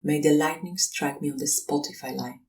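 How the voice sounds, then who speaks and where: Nervous young seminarian, voiced by the audiobook reader, protesting, mid pitch, distant faint-hiss recording. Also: steady tone, moderate pace, darkish tone, natural voice. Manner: protesting, pleading. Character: young male seminary student, nervous, evasive. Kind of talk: audiobook reading.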